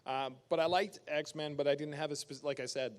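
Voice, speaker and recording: A Canadian actor telling stories at a fan convention Q&A, casual and animated, acting out quotes and laughing. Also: male voice, on the high side, normal speed. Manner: animated storyteller who acts out quotes and laughs. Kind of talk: casual storytelling Q&A. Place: convention panel room.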